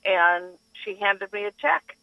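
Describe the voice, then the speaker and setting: A woman's voice: mid-range voice, animated, slow, vocal fry, smooth, no echo. A woman calling in to a radio show, telling her story in an earnest way. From northeastern Pennsylvania. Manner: earnest storyteller, acts out quoted lines. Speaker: caller. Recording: dull phone line.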